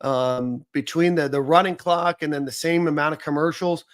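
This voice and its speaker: A man's voice: fairly high pitch, normal speed. A man hosting a sports podcast in casual chat, talking easily with many fillers. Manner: conversational, lots of fillers like um and you know. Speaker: podcast host.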